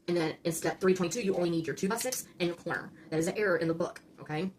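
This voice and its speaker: Hosting a casual LEGO build-along, a woman with a fairly low voice races through each step, often asking viewers "okay?" There's slight background noise, and she stumbles over numbers before correcting herself.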